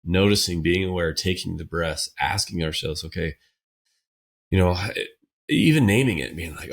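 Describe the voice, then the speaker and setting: A man co-hosts a podcast, talking with emphatic energy. His voice is very deep and gravelly, with a husky edge. He makes his points with animated stress on key words. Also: moderate pace. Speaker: podcast co-host. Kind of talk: casual interview talk.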